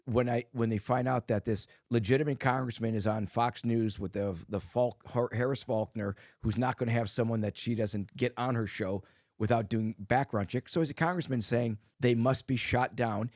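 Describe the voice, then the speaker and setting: Rambling, excitable co-host man. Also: medium pitch, normal speed, dry recording, clean studio sound. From Wisconsin. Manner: rambling, excitable, restarts sentences. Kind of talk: casual podcast chat.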